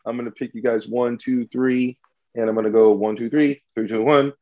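A man's voice: medium pitch, steady tone, normal speed, muffled recording. A man hosting a podcast game, playful and teasing as he talks. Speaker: podcast host running a game. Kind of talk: casual chat.

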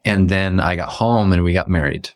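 Deep-voiced man telling his story. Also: moderate pace, dry recording. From Canada. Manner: animated, acts out quoted lines with pitch jumps. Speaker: guest. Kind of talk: storytelling in a podcast interview.

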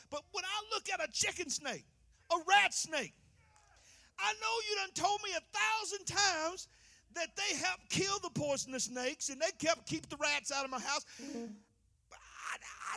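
A man preaching a sermon in a church. He swings from loud, impassioned passages to hushed ones. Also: very high voice. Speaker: pastor.

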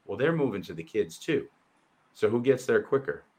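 A man co-hosting a heated online talk show, blunt and impassioned, swearing freely and mimicking others in quick quoted asides. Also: medium pitch, big pitch swings, darkish tone. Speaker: co-host. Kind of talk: heated casual discussion.

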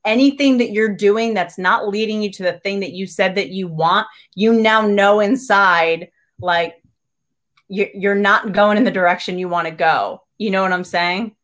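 A woman who works as a trainer and coach, speaking as a podcast guest in an animated, chatty way full of "like" and restarts. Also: mid-range voice, moderate pace. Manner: animated, filler-heavy talk with frequent "like" and restarts. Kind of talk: casual interview conversation.

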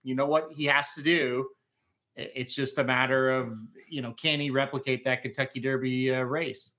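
Bright, emphatic male co-host. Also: medium pitch, fairly even intonation, moderate pace. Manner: emphatic, hedging with "like" and "I mean". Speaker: podcast co-host. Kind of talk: casual podcast chat.

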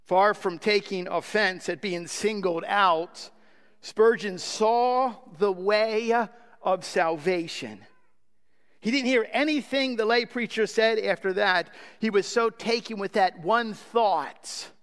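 A man's voice: high voice, takes it slowly, fairly bright tone, clear, resonant tone. A man preaching a sermon as pastor, praying earnestly and then telling a story. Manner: earnest, prayerful. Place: church sanctuary. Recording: long hall reverb.

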